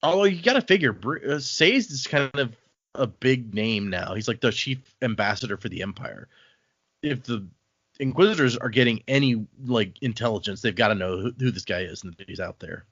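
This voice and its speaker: A man's voice: medium pitch, animated, a little fast, a bit bright, breathy edge, no echo, highs cut off. A man co-hosting a casual book podcast, retelling scenes and slipping into the characters' lines as he goes. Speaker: podcast co-host.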